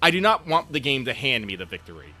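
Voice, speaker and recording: Bright casual man gaming on stream. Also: medium pitch, sing-song, fast talker. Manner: loose, casual, swears freely. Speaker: live stream co-host playing a game. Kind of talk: casual live-stream chat while gaming.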